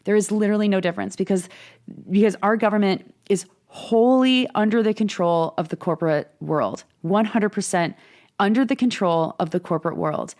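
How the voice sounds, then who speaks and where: A woman's voice: mid-range voice, normal speed, a little mellow. A woman co-hosting a political talk show, speaking in an impassioned, indignant way with many restarts. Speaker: podcast co-host. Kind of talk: casual political chat.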